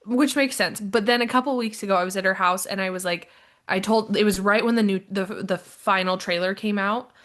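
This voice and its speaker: A young woman chats with a co-host and tells a lively story, acting out her friend's lines in bursts. Her voice sits at an average pitch. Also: a little fast. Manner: animated storyteller, acts out quoted friends. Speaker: podcast co-host. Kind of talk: casual chat.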